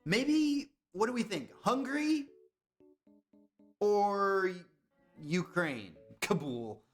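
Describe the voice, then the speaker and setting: A man's voice: high voice, lively intonation, drawn-out words, faint music behind. A young man chatting casually on a live stream, guessing along with his chat and reacting to their comments.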